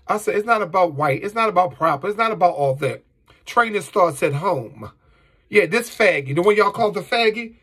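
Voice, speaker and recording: Fired-up guy ranting at the camera, high voice, kinda husky, lotta cussing, aave. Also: pushed and bright. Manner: heated, profane, rhetorical questions. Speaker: vlogger. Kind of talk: angry monologue to camera.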